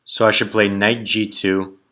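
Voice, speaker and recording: Slow, low-voiced man calculating chess moves. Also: flat delivery, pushed and bright. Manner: muttering chess moves in short clipped phrases. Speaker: chess player solving tactics puzzles. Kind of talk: thinking aloud while calculating.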